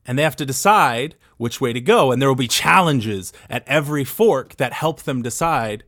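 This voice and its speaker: A man pitching a game show idea on a comedy podcast, rambling and swearing playfully as he goes. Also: lively intonation, normal speed, fairly bright tone, no room sound, clean studio sound.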